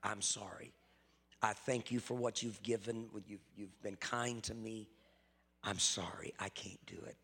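A preacher plays an earnest young man, low and hushed, sorry but firm. The voice is husky and gravelly, and it hangs in a long church reverb. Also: steady tone, a little slow, full character voice. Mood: remorseful.

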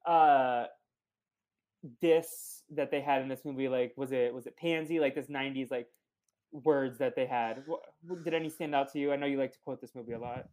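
Relaxed man recapping a movie, full of fillers. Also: mid-range voice, moderate pace. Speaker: podcast guest. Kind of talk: casual chat.

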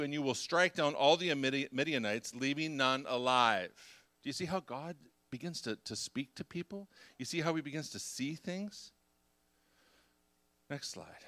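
A middle-aged man preaching a sermon, animated and acting out the voices of the people in his story. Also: medium pitch. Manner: animated, acts out voices of God and Gideon. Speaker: pastor.

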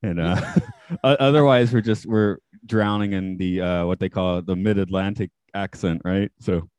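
A man hosting a casual podcast, easygoing and often laughing, with halting fillers. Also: low-pitched, darkish tone, no echo. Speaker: podcast host.

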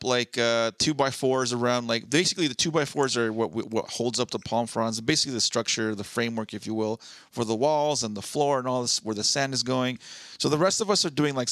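A man's voice: mid-range voice, no room sound. Laid-back podcast guy, average voice, dry close mic. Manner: relaxed, chimes in with short agreements. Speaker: podcast co-host. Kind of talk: casual chat.

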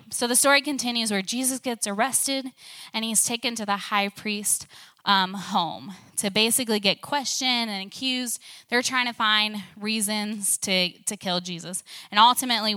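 Bright-voiced young woman preaching casually. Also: medium pitch. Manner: conversational, many fillers like "like" and "um". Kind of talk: casual sermon storytelling.

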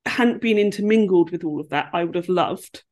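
A woman chats as a guest on a podcast. Her voice sits fairly low, and she tells long, rambling stories with animated energy, full of asides and restarts. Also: normal speed. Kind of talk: casual chat.

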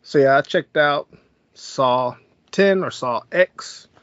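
A man's voice: medium pitch, slow, fairly bright tone, dry recording, highs cut off. A man hosting a podcast, giving a laid-back, chuckling movie review and recapping the plot. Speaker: podcast host.

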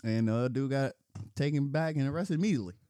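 A man co-hosting a casual podcast chat, animated, acting out quotes in sudden high voices and laughing often. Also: fast talker, no room sound, studio quality. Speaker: podcast co-host.

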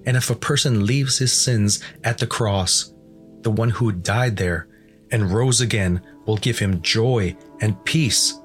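Brief: earnest devout pilgrim, low steady voice, read by a man. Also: measured pace, soft background music, natural voice.

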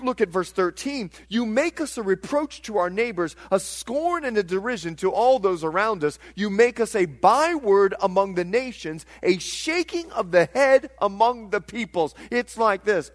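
A middle-aged male pastor preaching a sermon, swinging dramatically between loud cries and hushed tones. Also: sits high, lively intonation, moderate pace.

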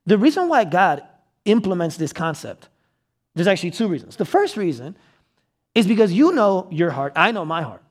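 A man preaching a sermon as pastor, conversational and checking in with his listeners, acting out quotes with sudden loud outbursts. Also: high voice, big pitch swings, normal speed.

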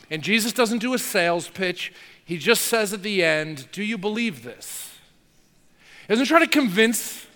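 Bright-voiced preacher in an echoing hall. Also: male voice, high voice. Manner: emphatic, slows down on key words, casual asides. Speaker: pastor. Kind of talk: sermon.

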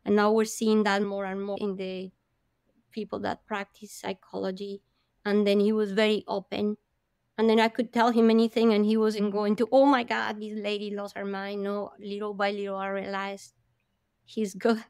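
A woman guest in an interview, telling a personal story in an animated, earnest way and linking her thoughts with "and then". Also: mid-range voice, moderate pace, clean tone, dry recording, studio quality. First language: Spanish.

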